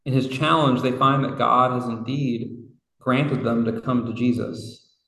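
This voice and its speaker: A man's voice: mid-range voice, steady tone, unhurried, creaky, fairly bright tone. A man preaching a sermon in a reflective, conversational way, with casual asides. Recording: roomy hall from far off.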